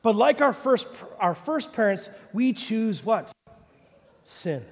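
A man preaching a sermon as pastor, animated, swinging from loud peaks to low quiet asides. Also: takes it slowly. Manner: animated preaching, rising to shouts then dropping low. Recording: long reverb of a large hall.

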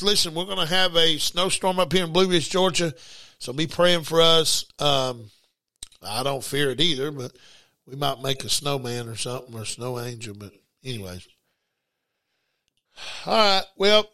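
A middle-aged man, preaching an informal broadcast sermon in an animated way, repeating words and bursting into shouts. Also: sits high, dry recording.

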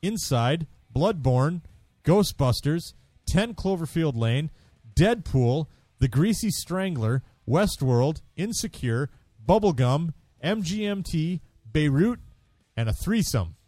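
Brief: male podcast co-host, bouncy expressive pitch, dry booth sound, quick to laugh and curse. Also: dry recording. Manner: laughs often, swears freely, reads listener posts aloud. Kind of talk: casual chat.

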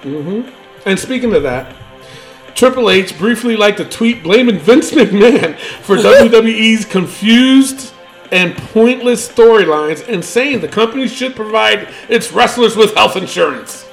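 Animated high-voiced wrestling podcast host. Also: male voice, measured pace, gravelly, faint music behind. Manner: animated, rambling, swears freely. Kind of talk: casual wrestling chat.

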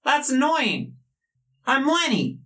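A man voicing a small cranky talking dagger that craves flesh, in a high squeaky voice. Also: huge pitch swings, slow pace, sharp tone, full character voice. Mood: annoyed.

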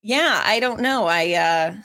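A woman co-hosting a casual podcast, telling stories about meeting celebrities in an animated, chatty way. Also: mid-range voice, a little slow. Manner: chatty and animated, acts out voices in her stories. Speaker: podcast co-host and former radio interviewer. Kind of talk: casual storytelling chat.

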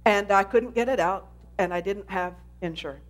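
A woman pastor giving an animated sermon testimony, telling her story with emphasis. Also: medium pitch, moderate pace.

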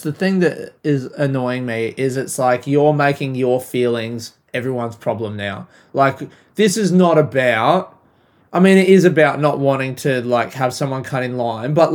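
A young man rants in a loose podcast monologue, swearing freely and breaking into yelling. His voice sits a little high for a man. The home mic clips when he raises it. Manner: profane, animated ranting, frequent yelling. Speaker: podcast host. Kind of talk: casual solo rant. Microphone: home mic recorded into laptop software, clipping.

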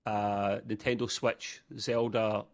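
A man's voice: lowish voice, flat delivery, slow pace. A man co-hosting a casual gaming podcast, bantering and joking with stammered restarts. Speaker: podcast co-host.

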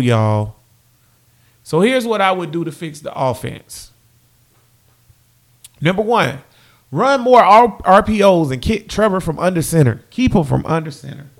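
A young man with a high voice rants casually as a sports fan, dissecting his team's offense. He's animated, repeats the same phrases again and again, and speaks straight to his viewers.

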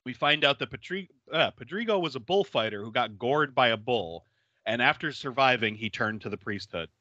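A man chats through a movie recap with a bright, forceful voice that leaps up and down in pitch. He laughs often and slips into silly voices. The sound is dry and close. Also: normal speed, dry recording, dull audio. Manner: animated storytelling, doing silly voices for characters, laughing often. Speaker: podcast co-host recapping a film. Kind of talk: casual chat.

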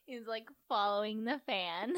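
A woman co-hosting a casual recap chat, acting out the people she quotes in lively bursts. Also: fairly high pitch, a little slow, no echo, studio quality. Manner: animated, acts out quoted people. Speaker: podcast co-host.

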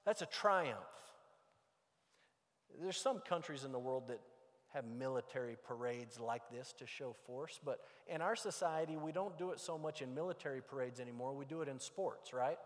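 A man preaching a sermon, moving from loud emphatic points to hushed, quiet passages. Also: mid-range voice, expressive, moderate pace, big-room sound. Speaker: pastor.

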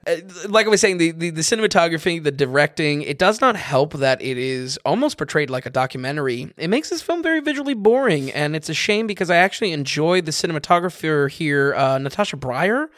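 Chatty man reviewing films, higher voice. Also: lively intonation, fairly quick, hardly any pauses, a bit bright, dry recording, studio quality. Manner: rambling, many fillers and restarts, laughs often. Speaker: film reviewer, show host. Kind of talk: casual podcast chat.

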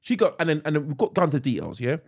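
A man's voice: on the high side, fast talker, creaky, slightly rough. A middle-aged man co-hosting a podcast, chatting casually and acting out the people in his stories. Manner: animated storyteller, acts out voices. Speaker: podcast co-host. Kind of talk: casual chat.

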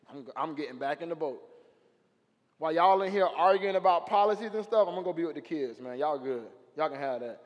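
A young man preaching a sermon in an animated, slangy storytelling way, his voice rising to shouts at the high points. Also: fairly quick. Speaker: guest preacher. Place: church sanctuary. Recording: long hall reverb.

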